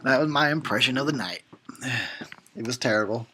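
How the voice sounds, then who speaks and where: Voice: medium pitch, fairly quick, pushed and bright, slight background noise. A horror host giving a drunken commentary on a film, rambling and swearing and often breaking into laughter.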